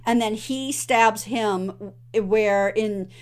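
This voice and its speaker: A woman's voice: mid-range voice, slow, clean tone. Woman animatedly retelling a film. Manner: animated retelling, acting out movie lines. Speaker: podcast host. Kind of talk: casual film recap chat.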